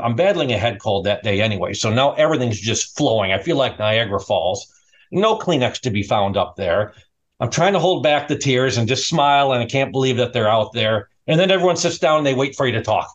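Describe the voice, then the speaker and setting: Middle-aged male guest, chatty storyteller, repeats himself, dull lo-fi mic. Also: mid-range voice. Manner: animated, rambling, repeats words. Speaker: award-winning restaurant owner, guest. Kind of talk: casual storytelling. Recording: dull lo-fi sound.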